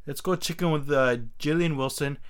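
Man, podcast host, smooth clear voice, chatty and self-deprecating, studio mic. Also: on the high side, fairly even intonation, moderate pace. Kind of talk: casual podcast intro. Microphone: XLR studio mic.

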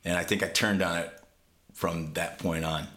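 A man's voice: deep voice, normal speed. A man in casual podcast chat, telling stories with lots of energy and plenty of swearing. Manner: animated storyteller, swears freely. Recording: roomy echo.

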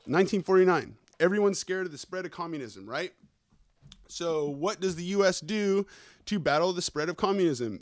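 A man hosting a podcast who rambles through a casual news rant, swearing constantly, talking fast and wired on coffee and checking in with his listeners. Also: fairly high pitch, dry recording, studio quality. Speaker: podcast host.

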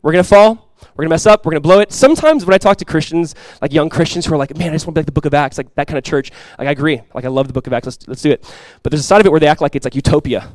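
A male pastor preaching a sermon in a relaxed, conversational way, full of fillers and asides. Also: fairly high pitch, racing, dry recording, low-quality recording.

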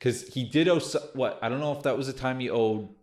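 A young man co-hosting a podcast tells a crude story in casual chat, rambling along with restarts and laughter. His mid-range voice is a little fast and darkish in tone.

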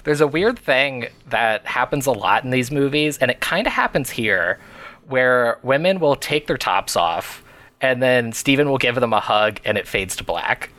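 Animated man chatting on a podcast. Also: mid-range voice, moderate pace. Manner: animated, laughs often while talking. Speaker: podcast co-host. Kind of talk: casual chat.

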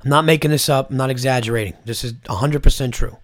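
A man's voice: medium pitch, fast talker. A man hosting his own podcast, ranting in a loose comedic monologue with speech, lots of swearing and acted-out quotes. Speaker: podcast host.

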